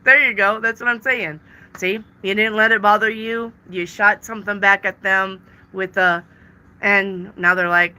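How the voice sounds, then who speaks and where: This tarot reader speaks at a measured pace with long pauses, her medium-pitched voice steady, bright, and forceful. She reads out questions from live-stream viewers and answers emphatically in a casual, chatty way, repeating words to stress them.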